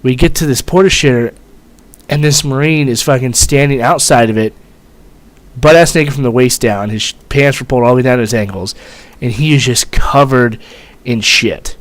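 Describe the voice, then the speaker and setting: A man's voice: medium pitch, moderate pace, dry recording. A young man, a former Marine, telling a story in a rambling, profane way, full of fillers. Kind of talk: casual storytelling vlog.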